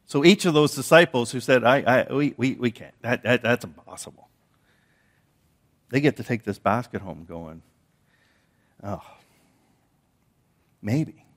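A man's voice: mid-range voice, lively intonation, measured pace, long pauses. A man preaching a sermon, telling stories with frequent repeated words and restarts. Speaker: pastor.

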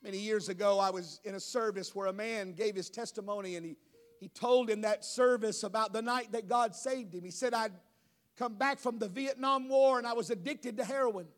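Pastor, male, high-pitched, sermon delivery that climbs to shouting. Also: normal speed. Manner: preaching, rising to shouts. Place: church.

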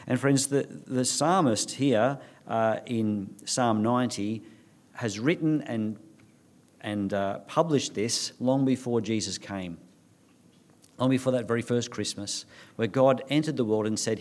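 A man's voice: mid-range voice, measured pace, darkish tone. A man delivers a sermon as a pastor, with an ordinary mid-range voice. He speaks earnestly, reads scripture aloud, and sometimes repeats words as he searches for the next phrase. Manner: earnest preaching with restarts, reading scripture aloud.

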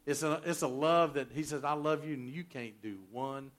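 Folksy pastor swinging loud to soft. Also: male voice, on the high side, moderate pace. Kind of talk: sermon.

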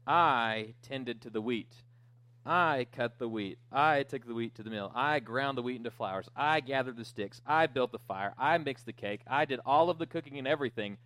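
A man's voice: mid-range voice, no echo, close to an everyday voice. A man doing the fed-up little red hen. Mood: indignant. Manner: emphatic, listing chores slowly.

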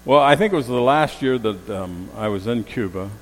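This pastor's sermon runs at a moderate pace, his mid-range voice full of lively intonation as he tells stories and acts out quoted voices. Key phrases come back with rising emphasis, heard through long hall reverb with a little hiss or hum.

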